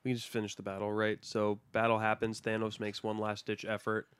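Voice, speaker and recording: A man's voice: lowish voice, monotone, a little fast, fairly bright tone, smooth, dry recording. A man co-hosting a podcast, chatting casually about a film and pressing the others with questions. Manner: inquisitive, pushes with questions. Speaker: podcast co-host. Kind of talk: casual movie review chat.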